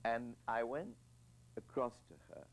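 A man's voice: mid-range voice, measured pace, creaky, a little hiss or hum, low-quality recording. An older man, a film director being interviewed, telling reflective anecdotes with hesitant restarts and repeated words.

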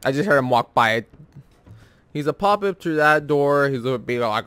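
A man's voice: mid-range voice, lively intonation, normal speed, smooth. Profane, jumpy young male gamer. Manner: profane, jumpy, yells when scared. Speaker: gamer, let's-play host. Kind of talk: casual gameplay commentary.

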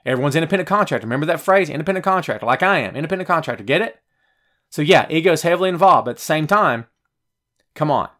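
A man hosts a live wrestling talk show, his voice sitting a little high. He rants and argues with his viewers' comments, keeps asking whether they follow him, and sounds a bit winded from all the venting. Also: fast. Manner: animated, rhetorical, ranting to viewers. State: out of breath. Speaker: podcast host.

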